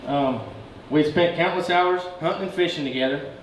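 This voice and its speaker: Joking best man in a cavernous echo. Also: on the high side. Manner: joking, halting, fighting back tears. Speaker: best man giving a wedding toast. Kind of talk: emotional wedding speech. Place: wedding reception room. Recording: very echoey room, distant mic, noisy.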